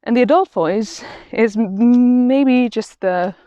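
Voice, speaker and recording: A woman records a reflective vlog on a quiet walk outdoors. She speaks slowly, pausing and restarting as she thinks aloud. The sound is dry but a little dull and lo-fi. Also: a little high, no echo. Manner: slow, halting and thoughtful, with many restarts. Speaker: vlogger.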